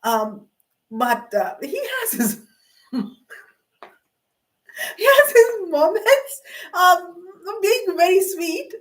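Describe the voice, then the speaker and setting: High-voiced middle-aged woman, rambling anecdotes. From Canada. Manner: meandering, self-mocking, with frequent fillers and laughs. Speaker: vlogger. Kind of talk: rambling personal monologue.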